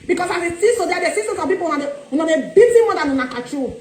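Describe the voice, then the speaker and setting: Reproachful high-voiced woman, Nigerian Pidgin accent. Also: lively intonation, very fast, crowd noise. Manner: accusing, reproachful. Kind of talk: speaking to camera in a video. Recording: echoey room in a played clip.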